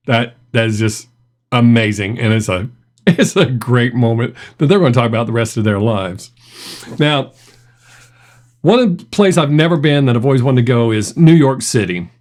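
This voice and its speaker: A man's voice: mid-range voice, darkish tone. A middle-aged man hosting a reaction video, telling stories in a chatty way and laughing often. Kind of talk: casual reaction commentary.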